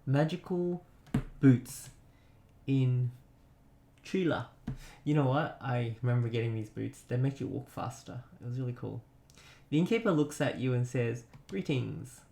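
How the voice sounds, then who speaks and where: A man's voice: medium pitch, a little fast, gravelly, warm tone, a little hiss or hum. A man casually commentating a retro game he remembers, reading its text aloud. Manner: chatty, nostalgic, reads on-screen text aloud. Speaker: let's play gamer. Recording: roomy echo.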